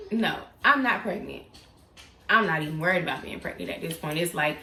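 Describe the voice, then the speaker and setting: A young woman tells a personal story in a casual, animated vlog, acting out quotes with sudden leaps in pitch. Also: a little fast, echoey room, a little hiss or hum. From South Florida. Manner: animated, dramatic retelling with acted-out quotes and sudden pitch jumps. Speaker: YouTuber telling a story.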